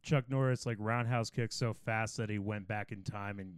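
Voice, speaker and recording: A man's voice: on the low side, steady tone, moderate pace, clean tone, no echo, clean studio sound. A young man co-hosting a casual comedy podcast, telling rambling stories full of swearing. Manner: profane, rambling storyteller. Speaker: podcast co-host.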